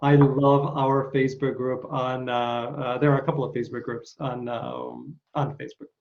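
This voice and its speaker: A man in a middle-pitched voice hosts a casual interview, feeling his way into each question with lots of ums and uhs. His voice comes through dull and lo-fi. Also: level tone, normal speed, creaky. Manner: hesitant, lots of fillers and backchannel. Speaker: podcast host, interviewer.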